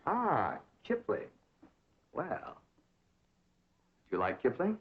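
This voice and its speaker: A snooty flowery dandy, swoopy lively delivery, muffled old tv sound. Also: male voice, a little high, slow, exaggerated voice. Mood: pompous. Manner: pompous, theatrical, flowery. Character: pompous young society dandy, lovestruck.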